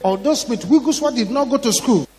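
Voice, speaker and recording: A man with a Ghanaian English accent preaching a sermon, telling a story dramatically, acting out the voices in it and rising to shouts. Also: very high-pitched, lively intonation, brisk. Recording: long hall reverb.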